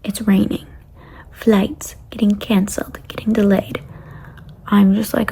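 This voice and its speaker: A young woman vlogger telling a casual travel story, rambling along and often dropping to a breathy near-whisper. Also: mid-range voice, flat delivery, measured pace, long pauses, warm tone.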